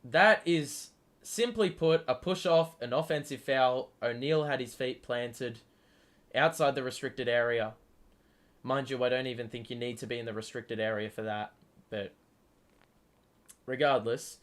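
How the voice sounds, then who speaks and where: An unhurried man with a medium-pitched voice hosts a live basketball watchalong stream and gives the play-by-play. He gets excitable, swears freely, and argues with the players as the game unfolds.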